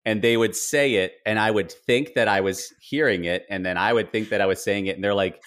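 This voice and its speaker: A man's voice: fairly low pitch, brisk, fairly bright tone. A man from the United States hosting a podcast, chatty and playful with his guest. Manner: playful, chatty, laughs easily. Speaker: podcast host. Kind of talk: casual podcast interview.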